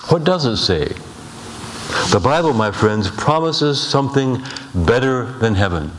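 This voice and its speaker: A male pastor delivers a sermon in a measured, deliberate way, leaning on rhetorical questions and slowing down to stress key points. His voice sits at an ordinary middle pitch. The sound carries a long reverb from a large sanctuary. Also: lively intonation, slight background noise. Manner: measured preaching, slows for emphasis, rhetorical questions. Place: church sanctuary.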